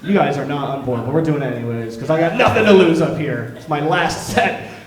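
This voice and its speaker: A man's voice: a little high, brisk. A man in his twenties doing a self-deprecating stand-up comedy set on a club stage, rambling with hesitant fillers. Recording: roomy club, from far off the mic.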